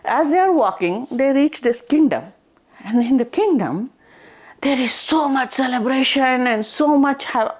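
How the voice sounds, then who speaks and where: A woman storyteller retelling a folk tale in a casual, chatty and animated way. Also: high voice, unhurried. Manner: chatty, animated, many fillers like "she's like".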